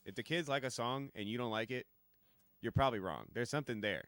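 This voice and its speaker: A man talking casually on a stream, his pitch rising and falling freely. He is opinionated but easygoing and leans on filler words. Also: expressive, quick pace, a bit bright, no room sound. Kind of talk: casual chat.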